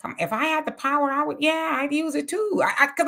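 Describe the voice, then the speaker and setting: A woman hosting a casual live stream, reading viewer comments aloud and reacting with chatty, animated remarks. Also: high voice, a little fast, hardly any pauses.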